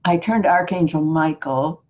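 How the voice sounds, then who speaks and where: An earnest woman interviewer shares a personal story and asks searching questions in a spiritual conversation. Her voice sits low and sounds mellow, heard on a slightly muffled, lo-fi recording. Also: moderate pace.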